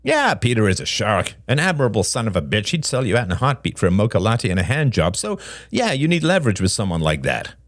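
A man playing a scornful middle-aged father with a gruff, mocking manner in a read-aloud story. The voice is deep, swings through wide, lively pitch, and sits in a dry space right on the mic. He snaps and sneers at his son. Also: quick pace, dry recording. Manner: gruff, mocking, laughs harshly.

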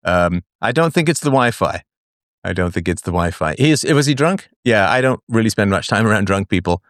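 A man's voice: fairly low pitch, animated, brisk, dry recording, studio quality. A man from England hosting a call-in show, talking casually with many fillers and restarts.

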